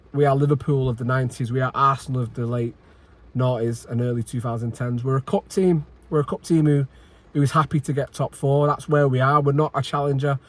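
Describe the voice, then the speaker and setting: A man giving an angry post-match reaction, frustrated and sweary, repeating himself and sighing. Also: medium pitch. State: agitated. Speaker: football fan channel host.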